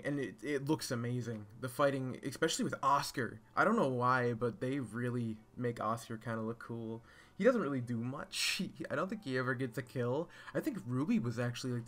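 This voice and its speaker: A man's voice: medium pitch, pushed and bright. A man giving a casual, scatterbrained spoken review of a show, full of fillers, restarts and casual swearing. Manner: scatterbrained, rambling with frequent fillers. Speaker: video reviewer.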